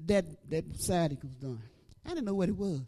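A middle-aged woman preacher giving an animated testimony, breaking into praise and shouting at the peaks. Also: on the low side, a little fast. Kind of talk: testimony sermon.

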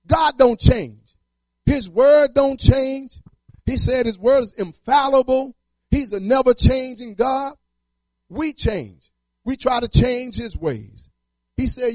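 Male preacher, very high voice, repetitive rhythmic delivery, dry close sound. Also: measured pace, a little mellow, no echo. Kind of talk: sermon.

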